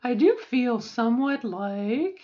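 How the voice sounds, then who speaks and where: A woman's voice: fairly high pitch, big pitch swings, takes it slowly. Middle-aged woman practicing a raised voice. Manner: careful, self-monitoring, slightly tight. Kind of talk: voice training practice, raised pitch. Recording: dull lo-fi recording.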